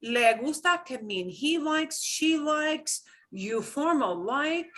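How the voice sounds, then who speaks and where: A middle-aged woman teaching a beginner Spanish class, modeling phrases slowly and clearly while explaining in English. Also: high voice, expressive, a bit bright. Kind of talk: beginner language lesson.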